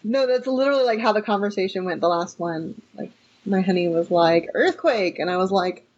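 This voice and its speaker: A woman's voice: medium pitch, fairly quick, lo-fi sound. Wry, laid-back woman chatting. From California, US. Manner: laughs often, wry and relaxed. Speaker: podcast co-host. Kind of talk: casual chat.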